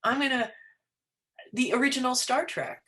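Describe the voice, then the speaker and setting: A woman's voice: high voice, moderate pace, a bit bright. A woman guest, a writer, chatting in a round table with many fillers. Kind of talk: casual round-table chat.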